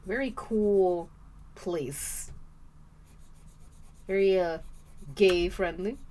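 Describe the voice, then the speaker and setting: A woman's voice: on the low side, very slow, mellow, slight background noise. A young woman streaming while she draws, chatting casually and rambling with the odd swear word. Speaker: art streamer.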